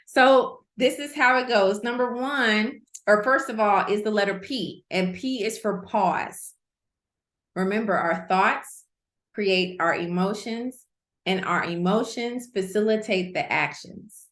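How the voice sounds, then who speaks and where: A middle-aged woman hosting an online masterclass, teaching in a lively, conversational way and repeating key points for emphasis. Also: medium pitch, takes it slowly. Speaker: host, coach. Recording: roomy echo.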